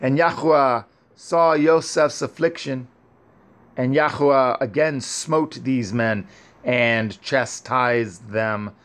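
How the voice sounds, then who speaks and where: A man reads an old scripture story aloud in a solemn, measured voice. His pace is very unhurried, each phrase set apart. His pitch sits at an ordinary middle. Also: fairly bright tone. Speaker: reader.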